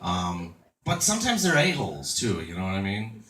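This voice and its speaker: Male stand-up, 30s, crude crowd-work style, animated delivery, roomy distant club recording. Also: lowish voice, moderate pace, a little hiss or hum. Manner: crude, self-mocking, chatty with the crowd. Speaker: stand-up comedian. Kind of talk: stand-up comedy set. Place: comedy club stage before a laughing crowd. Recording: echoey club room, mic heard from a distance.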